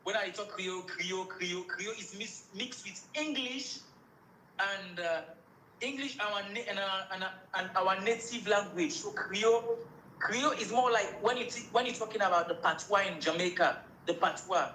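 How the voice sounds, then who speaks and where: A man's voice: high-pitched, moderate pace, pushed and bright, slight background noise. Sierra Leonean man in an echoey room. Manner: repeats phrases while explaining. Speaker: musician guest. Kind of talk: casual interview.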